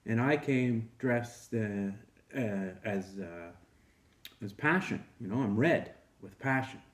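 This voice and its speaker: A man's voice: lowish voice, slow pace, far from the mic. A man voicing a young woman at a party, explaining herself with hesitations. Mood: pleased. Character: young woman guest, chirpy and pleased. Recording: roomy echo.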